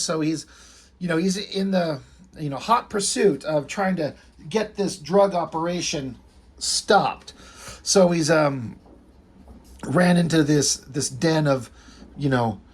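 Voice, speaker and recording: Husky-voiced man chatting about comics. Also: fairly high pitch. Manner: rambling, swears, reads comic lines aloud. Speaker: comic book reviewer. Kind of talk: casual comic review chat.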